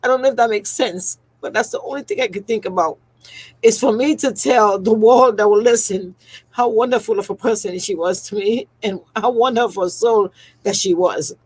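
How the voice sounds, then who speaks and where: A woman speaks straight to her livestream audience, heartfelt and close to tears. Her voice sits at an ordinary middle pitch, and she talks warmly to the viewers as if they were family. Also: moderate pace, slightly rough, dry recording, poor audio. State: on the verge of tears. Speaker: skincare business owner hosting a live stream. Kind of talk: emotional personal livestream.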